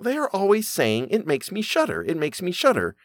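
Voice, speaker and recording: A man's voice: high voice, wildly swooping pitch, a little fast, dry recording, pitched above the performer's own voice, full character voice. A man voicing a simple-minded, fearless young lad with an earnest, stammering way of talking.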